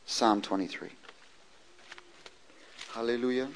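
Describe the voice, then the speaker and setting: A man's voice: mid-range voice, steady tone, a little hiss or hum, low-quality recording. A man preaching a sermon and reading scripture aloud, stressing words and calling for responses from the congregation. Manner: emphatic, calls for responses from the congregation; draws out scripture words slowly, with sudden loud stresses.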